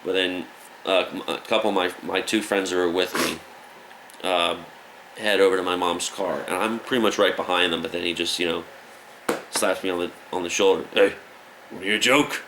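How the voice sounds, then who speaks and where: A man's voice: deep voice, brisk, noisy background. A man casually telling a story from his youth, acting out the voices of the people he quotes. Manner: animated, acts out quoted voices. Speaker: musician guest.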